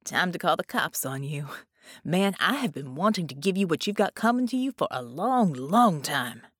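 A woman doing a cocky, lower-voiced male ghost. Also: expressive, dry recording, studio quality. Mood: taunting. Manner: streetwise, taunting, slow drawl.

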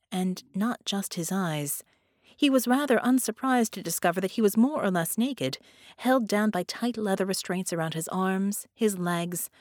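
A woman reading a science-fiction story aloud as narrator, in a steady storytelling manner. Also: mid-range voice, dry recording, studio quality. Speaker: audiobook narrator. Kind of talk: scripted narration.

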